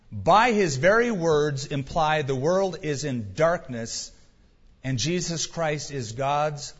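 A man's voice: on the high side, husky. A male pastor preaching a sermon emphatically, full of rhetorical questions, in a dull recording with long hall reverb.

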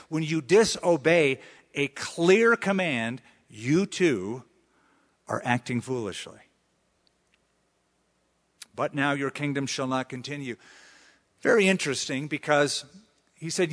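A man's voice: a little high, a little slow, long pauses, a bit bright. A man preaching a sermon, who often acts out the voices of the people he quotes. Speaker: pastor. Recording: long hall reverb.

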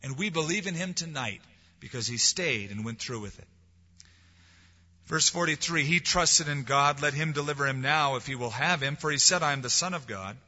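Husky bright preacher guy, sermon swinging loud then soft, dull echoey church sound. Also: on the high side, moderate pace. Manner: preaching with swelling emphasis and soft drops. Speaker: pastor.

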